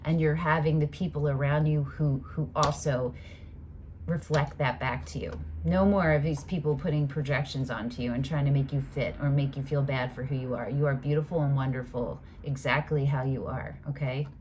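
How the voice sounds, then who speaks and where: A woman giving a casual tarot reading, talking emphatically and animatedly, with swearing and loud outbursts. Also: a bass voice, fairly even intonation, normal speed, a little hiss or hum. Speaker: tarot reader.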